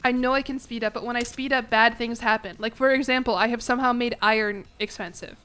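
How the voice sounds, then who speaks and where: A woman's voice: on the high side, fairly even intonation, fast talker, bright, forceful tone, clean tone, faint music behind. A young woman streaming a strategy game, chatting casually with viewers in a sarcastic, swearing manner. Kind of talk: casual gameplay livestream chat.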